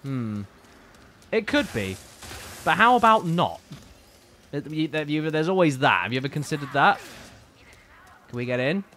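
A man's voice: a little high, sing-song, normal speed, pauses often, bright, forceful tone, a little hiss or hum. Playful man streaming a game. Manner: playful, teasing, chatty. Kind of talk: casual gameplay commentary.

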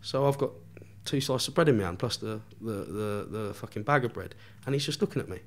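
A man's voice: fairly low pitch, expressive, a little fast. A man telling a long story as a podcast guest, swearing constantly and laughing as he goes. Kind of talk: storytelling in casual chat.

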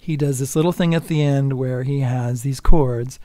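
An older man giving a casual guitar lesson, chatty and unhurried, counting beats aloud and singing lines softly. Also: mid-range voice, no room sound. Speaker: guitar teacher. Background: acoustic guitar playing.

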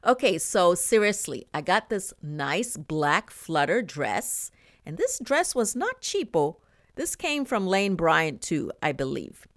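Chatty middle-aged woman, low voice. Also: sing-song, slow pace, dry recording. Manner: chatty, laughs often, talks straight to viewers. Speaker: fashion haul vlogger. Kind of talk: casual chat to camera.

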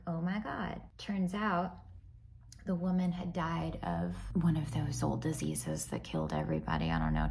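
A woman's voice: sits low, gravelly, a little mellow. A young woman casually telling a ghost story while doing her makeup, often dropping to a whisper. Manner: chatty, often drops to a whisper.

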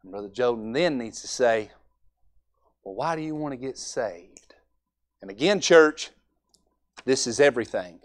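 A man's voice: medium pitch, animated, measured pace, pauses often. A young man preaching a Sunday evening sermon in a folksy way, acting out altar conversations.

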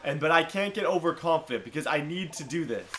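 A young man narrates his own video game play with fast-swinging excitement, his voice bright and a bit high. He talks straight to his viewers and reacts loudly to every play, keeping up a running commentary on his own performance. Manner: hyped, talks to himself and viewers, swings from thrilled to dejected. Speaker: gaming YouTuber.

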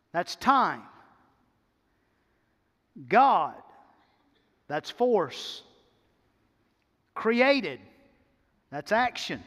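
A man with a high voice preaches slowly from a church stage, stretching out his phrases. He leans into each point and repeats words as he builds toward it. The sound rings with the long reverb of a large hall. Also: a bit bright. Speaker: pastor. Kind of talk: sermon. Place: church sanctuary.

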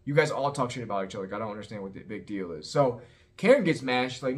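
Fast-talking sassy male recap vlogger. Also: medium pitch. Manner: sassy, animated, heavy use of "like" and "girl". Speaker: reality TV recap host. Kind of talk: casual opinionated recap.

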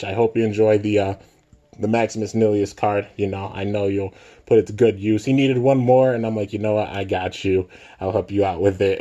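A young man hosting a casual toy unboxing vlog, excitable and filling his talk with "man" and "dude". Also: on the low side. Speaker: toy reviewer and channel host.

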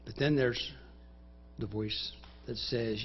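A man preaching a sermon in a church, dramatically acting out inner voices in the first person and reciting scripture in slow, measured phrases. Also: a little high, expressive, breathy edge, highs cut off. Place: church sanctuary.

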